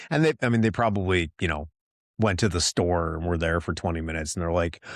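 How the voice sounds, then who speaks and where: Man, very low voice, dry close sound, rambling candid podcast monologue. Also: steady tone, brisk, dry recording. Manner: rambling and candid, with frequent restarts and filler. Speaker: podcast host.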